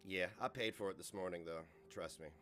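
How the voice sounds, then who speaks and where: A man's voice: sits low, brisk, soft background music. A man hosting a reaction show, ranting and joking with lots of cursing and frequent laughter. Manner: profane, laughs often, animated. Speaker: host.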